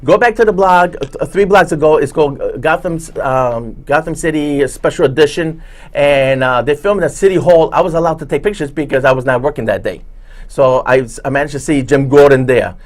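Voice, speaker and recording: A man's voice: fairly high pitch, fairly quick. A man, hosting a casual talk show and telling rambling stories full of fillers and restarts. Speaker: show host, background actor. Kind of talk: casual chat, storytelling.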